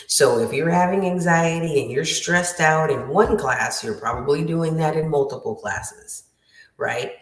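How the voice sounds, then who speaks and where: A woman's voice: low voice, measured pace. A woman writing coach giving an emphatic motivational lesson, repeating her key phrases. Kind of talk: motivational teaching talk. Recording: roomy, distant from the mic.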